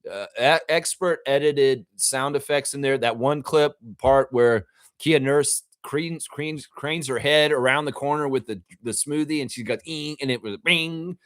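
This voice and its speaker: A man's voice: medium pitch, unhurried, dry recording, studio quality. A man hosting a live fan reaction stream, talking casually and animatedly and acting out quotes, with the odd swear word. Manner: animated, chatty, acts out quotes. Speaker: fan channel host.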